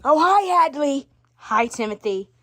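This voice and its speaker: A woman's voice: high voice, expressive, measured pace, a bit bright, a little hiss or hum. A woman telling a homemade family role-play, switching between character voices for each family member. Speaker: storyteller voicing all characters.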